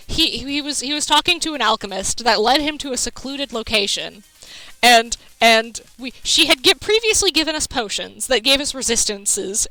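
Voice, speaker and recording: A woman's voice: high voice, bright, forceful tone, no room sound, low-quality recording. A woman streamer chatting casually while gaming, telling rambling stories with laughter and swearing.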